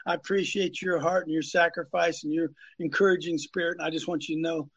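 Fiery high-pitched preacher man. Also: little pitch movement, brisk, a bit bright, lo-fi sound. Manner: emphatic, repetitive, calls on co-hosts by name. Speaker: host and preacher. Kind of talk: fiery preaching on a live talk show. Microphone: phone.

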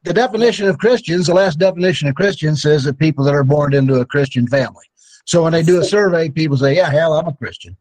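A man's voice: on the high side, fast talker, darkish tone, poor audio. A man speaking as a guest on a talk show, blunt and plain-spoken.

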